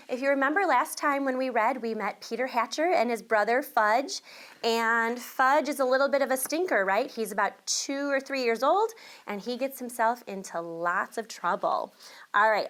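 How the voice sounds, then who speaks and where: A woman teacher reads a children's picture book aloud to young listeners in a slightly high voice. She is expressive, giving the child and the mother their own distinct voices.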